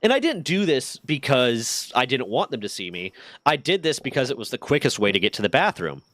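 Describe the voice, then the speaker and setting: A man's voice: mid-range voice, fairly quick, no echo. A man streaming, telling a workplace story in a casual, profane way and acting out the dialogue. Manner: profane, animated retelling with quoted dialogue.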